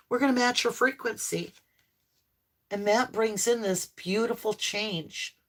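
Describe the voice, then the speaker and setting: This woman reads tarot live for her audience in a mid-range, fairly bright voice. Her delivery is warm and affirming, packed with exclamations.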